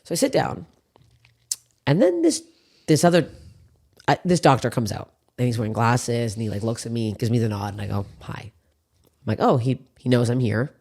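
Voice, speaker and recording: A woman's voice: very deep voice, husky. A woman hosting a podcast, telling stories in casual chat with lots of swearing. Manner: rapid, profane, animated storytelling. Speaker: podcast host.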